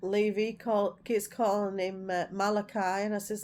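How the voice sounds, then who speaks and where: A woman's voice: medium pitch, steady tone, measured pace, few pauses, a little mellow. A middle-aged woman vlogging in a rambling, casual way, repeating herself as she tells family stories. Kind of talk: casual chat to camera.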